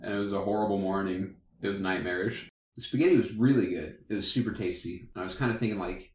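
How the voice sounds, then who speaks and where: A man's voice: sits low, fast, darkish tone. Laughing young man telling a story. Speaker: podcast co-host. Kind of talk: casual storytelling. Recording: echoey room.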